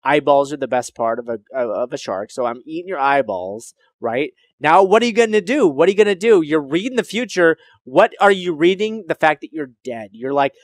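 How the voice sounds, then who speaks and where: A man in a playful debate, boasting and taunting his opponent in an animated way. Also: a little high, fairly quick, hardly any pauses, no echo. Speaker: debate contestant. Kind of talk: playful trash-talk debate.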